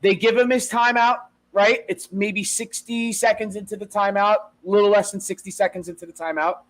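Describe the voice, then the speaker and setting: A podcast co-host with a high voice for a man, chatting casually. He tells stories with energy, swearing freely and acting out the lines of the people in them. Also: moderate pace, poor audio. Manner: animated retelling with profanity and acted-out quotes. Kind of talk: casual chat.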